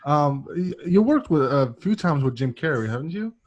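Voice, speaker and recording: Higher-voiced man cheering a guest on. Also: lively intonation, moderate pace, a little mellow, highs cut off. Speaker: podcast host. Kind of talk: casual interview chat.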